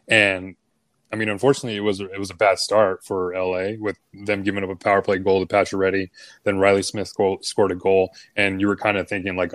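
A man co-hosting a sports podcast, giving a relaxed, rambling breakdown of a game. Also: sits low, a little fast, no room sound. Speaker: co-host, analytics. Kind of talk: casual sports podcast chat.

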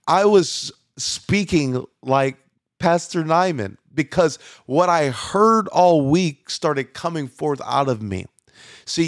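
A man's voice: medium pitch, creaky, no room sound, studio quality. A man preaching as a pastor, talking conversationally with frequent restarts and fillers. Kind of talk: sermon.

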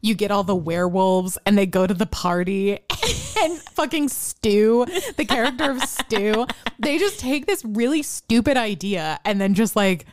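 A woman's voice: medium pitch, lively intonation, a little slow, no room sound. A young woman co-hosting a casual film podcast, talking enthusiastically with many filler words. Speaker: podcast co-host.

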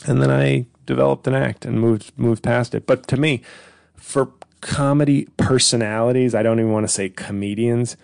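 A man's voice: medium pitch, steady tone, moderate pace, vocal fry, a little mellow, no echo, clean studio sound. A man hosting his own comedy podcast, rambling in a sardonic, profane monologue. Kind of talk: casual solo podcast monologue.

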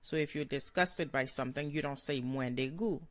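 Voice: medium pitch, steady tone, a little fast, a bit bright, dry recording. A language teacher giving a short vocabulary lesson, saying each word several times and then translating it.

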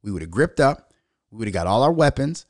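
A middle-aged man ranting in a loud, profane, storytelling way as a commentary vlogger. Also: fairly low pitch, sing-song, a little fast, no room sound, clean studio sound. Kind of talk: unscripted profane rant.

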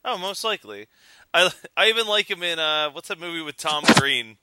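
A man's voice: on the high side, very animated, fairly quick, very noisy. A man hosting a casual chat in an upbeat, enthusiastic way. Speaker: podcast host.

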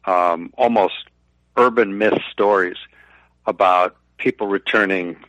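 A man's voice: sits low, a little slow, a bit bright, dry recording. A middle-aged man, a guest on a business radio show, talking earnestly and often repeating his first words. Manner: earnest, repeats words when starting thoughts. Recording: dull lo-fi remote line.

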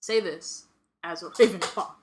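A woman's voice: fairly low pitch, unhurried, noisy background. A young woman hosting a podcast, chatting casually with lots of fillers and reading from a book. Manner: chatty, filler-heavy, joking. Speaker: podcast host.

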